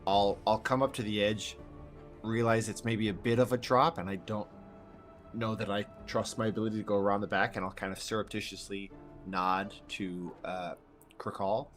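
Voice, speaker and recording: Casting: lower-voiced man, tabletop player, careful and hesitant. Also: steady tone, normal speed, faint music behind. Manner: thoughtful, hesitant, many fillers. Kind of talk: tabletop game play.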